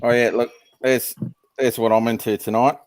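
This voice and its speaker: A man's voice: medium pitch, flat delivery, moderate pace, darkish tone. An easygoing man with a mid-range voice. He speaks in casual banter and often starts hesitantly. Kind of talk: casual live-stream banter.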